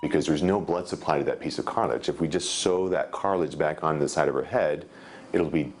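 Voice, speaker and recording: A man's voice: very deep voice, a little fast, a little hiss or hum. A man working as a surgeon, explaining a medical procedure in a plain way.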